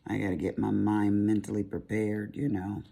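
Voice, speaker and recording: A woman's voice: extremely low pitch, flat delivery, normal speed, gravelly, mellow. A middle-aged woman with a Southern American accent, chatting casually in a rambling, folksy way while she works on a craft. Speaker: crafting vlogger. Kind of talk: casual chat while diamond painting.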